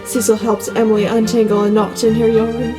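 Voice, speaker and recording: Female audiobook narrator with a steady, flat delivery, recorded in a reverberant space. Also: a little high, a little fast. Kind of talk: scripted storybook narration. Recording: long reverb, soft music beneath.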